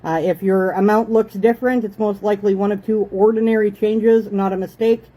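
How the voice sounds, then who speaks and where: A woman's voice: mid-range voice, fairly even intonation, a little fast, mellow, poor audio. A woman in her thirties from Canada hosting a casual chat at home, motherly and talkative, breaking off now and then to tell her kids to behave. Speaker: host. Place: home living room.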